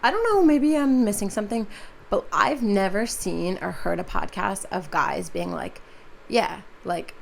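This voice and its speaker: A woman's voice: mid-range voice, very animated, normal speed, vocal fry, slight background noise. Chatty young woman hosting a podcast. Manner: chatty, lots of "like" and "um". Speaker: podcast host. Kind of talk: casual podcast monologue.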